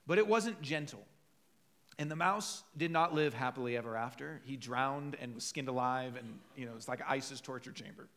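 A man's voice: mid-range voice, normal speed, sharp tone. A man preaching a sermon in a conversational, storytelling way, acting out quoted voices. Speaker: pastor.

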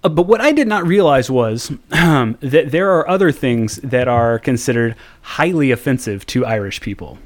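A man from the United States hosting a podcast, telling a story in casual chat with lots of swearing and quick asides. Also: mid-range voice. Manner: animated storytelling, frequent swearing. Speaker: podcast host.

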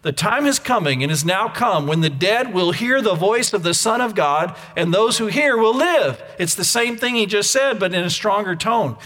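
A man's voice: high-pitched, expressive, moderate pace, few pauses. Man preaching a sermon in a reverberant hall. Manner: swings from loud emphatic to hushed near-whisper. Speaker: pastor. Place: church sanctuary.

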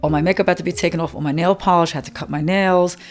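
A middle-aged woman recounting a personal experience in an interview, emotional and halting, often repeating words. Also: lowish voice, fairly even intonation, music in the background.

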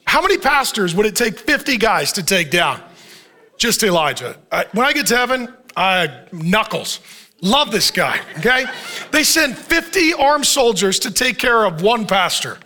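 A man's voice: high-pitched, big pitch swings, normal speed, pushed and bright. A male pastor preaching a sermon, telling the story with jokes and frequent laughter.

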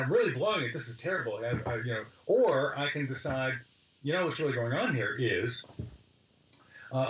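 A middle-aged man, a design lecturer as interview guest, telling stories in a lively way with frequent restarts and list-like summaries. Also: medium pitch. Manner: lively, restarts phrases, summarizes points in lists. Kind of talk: animated interview storytelling. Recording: roomy, from a distance.

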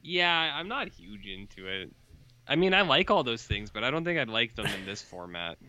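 A man co-hosting a podcast in casual chat, animated, laughing often and swearing freely. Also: mid-range voice, normal speed, no echo. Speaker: podcast co-host.

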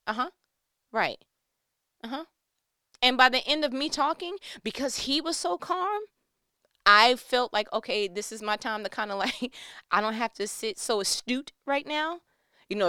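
A middle-aged woman casually telling a personal story, animated and faith-filled, dropping to a hush and rising to emphatic peaks. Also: medium pitch, clear, resonant tone, dry recording, studio quality. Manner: animated, swings from hushed to loud and emphatic.

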